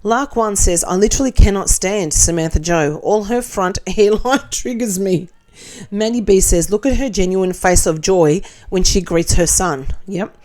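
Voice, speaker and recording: A woman's voice: medium pitch, normal speed, a little mellow. A middle-aged Australian woman hosting a casual commentary chat, reading viewer comments aloud with blunt, sarcastic, laughing asides.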